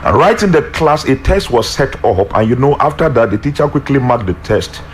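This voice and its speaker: Nigerian pastor telling an animated story. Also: male voice, medium pitch, fairly quick, a little hiss or hum. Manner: animated, acts out story voices. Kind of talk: sermon with storytelling.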